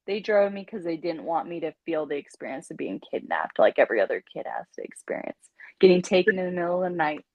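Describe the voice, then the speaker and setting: A woman, a podcast guest, telling a candid personal story in an animated way, laughing often and acting out what people said. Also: fairly low pitch, fast talker, dry recording. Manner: animated, laughing, acts out quotes. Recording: dull lo-fi dry sound.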